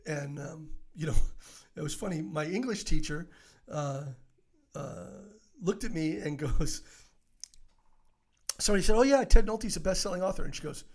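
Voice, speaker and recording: A middle-aged man telling stories as an interview guest, animated and laughing often, full of fillers and restarts. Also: fairly high pitch, normal speed. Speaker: podcast guest, author. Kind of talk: casual interview storytelling.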